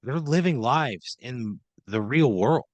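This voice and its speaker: A man co-hosting a comedy podcast, complaining in an exasperated, profane deadpan. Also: medium pitch, takes it slowly, dry recording, lo-fi sound. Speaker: podcast co-host. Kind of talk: improvised comedy.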